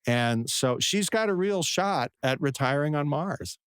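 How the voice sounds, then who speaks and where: A man's voice: on the high side, animated, measured pace, a bit bright, clean tone, no echo, clean studio sound. A man, a venture investor and professor, answering interview questions in a digressive, self-deprecating way.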